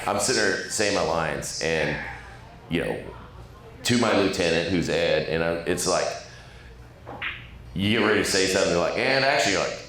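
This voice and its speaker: A man's voice: deep voice, a bit bright, roomy sound. A man, a regular on the show and a former Navy SEAL, talking in a blunt, profane, laid-back way. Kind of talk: casual chat. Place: bar.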